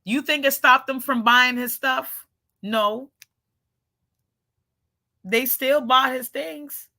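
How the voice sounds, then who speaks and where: A woman with a high, bright voice chats casually with her viewers. She is brash and joking, laughs often and keeps coming back to the word "shoot". Her delivery is loud and animated. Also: takes it slowly, creaky. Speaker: channel host.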